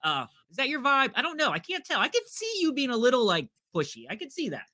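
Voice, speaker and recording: A man's voice: extremely high pitch, huge pitch swings, fast, pushed and bright. A man co-hosting a podcast, asking playful, teasing questions in casual chat. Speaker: podcast co-host.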